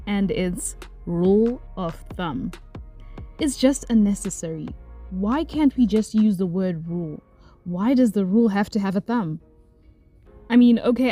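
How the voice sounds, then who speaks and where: Young woman ranting about words she hates, kinda fed up but playful, mellow tone, quiet music behind. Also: mid-range voice. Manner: playfully exasperated, animated ranting. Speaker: vlogger. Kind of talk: casual commentary ranking.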